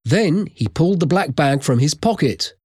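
A narrator reading a chapter of a children's story aloud, with expressive storytelling. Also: medium pitch, normal speed, husky, no room sound, clean studio sound. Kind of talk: audiobook reading.

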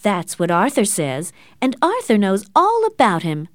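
A woman reading the part of a loud, bold, teasing young woman. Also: medium pitch, very animated, moderate pace, dry recording, studio quality, natural voice.

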